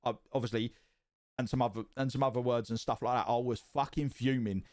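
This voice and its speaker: A man casually telling a story on his stream, swearing often and getting more and more animated. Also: mid-range voice, fairly quick. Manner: profane and animated, rising excitement.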